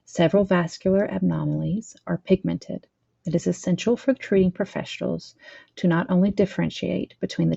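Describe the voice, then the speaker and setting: A woman's voice: lowish voice, gravelly, warm tone, slightly rough, no echo, lo-fi sound. A woman teaching a training lesson, reading slides aloud with a slight lisp, stumbling over terms and correcting herself. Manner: reads text aloud, stumbles and corrects herself, adds plain explanations. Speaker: instructor.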